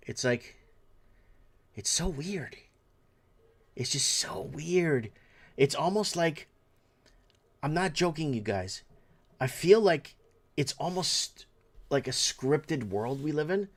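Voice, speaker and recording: A middle-aged man hosting a livestream show, talking casually in a rambling, blunt way and swearing freely. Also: medium pitch.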